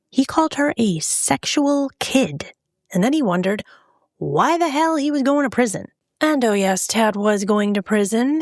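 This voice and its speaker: A woman's voice: medium pitch, dry recording, clean studio sound. A woman hosting a podcast, telling a true-crime story in a casual, blunt way with salty, scornful asides. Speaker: podcast host.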